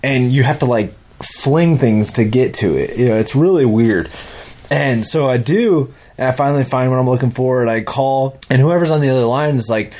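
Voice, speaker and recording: Man, casual storyteller, mid pitch, animated and profane. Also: normal speed. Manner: animated, rambling, profane, acts out quotes.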